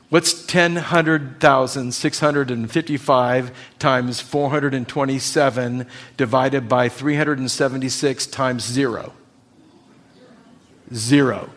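Male preacher, sermon delivery, unhurried and emphatic, leans on rhetorical questions. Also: fairly high pitch, a bit bright.

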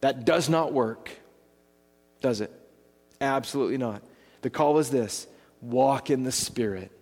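Guy preaching a sermon, mid pitch, big swings up and down, long hall echo. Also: a little slow, a little mellow. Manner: emphatic, rising and falling preaching delivery. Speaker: pastor.

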